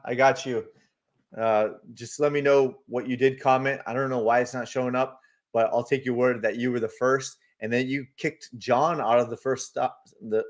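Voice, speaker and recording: A man hosting a live market stream, speculating loosely about charts and answering viewers' comments with many fillers. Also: medium pitch. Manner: chatty, reads viewer comments aloud and answers them. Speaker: livestream market analyst host.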